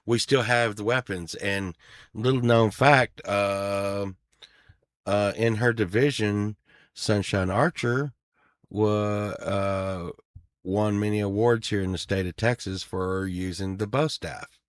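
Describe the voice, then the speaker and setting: Deep voiced middle-aged guy, slow and rambly, swears a lot, dry close sound. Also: steady tone, no echo. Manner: rambling and profane, full of fillers and restarts. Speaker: storyteller on a podcast. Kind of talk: casual storytelling.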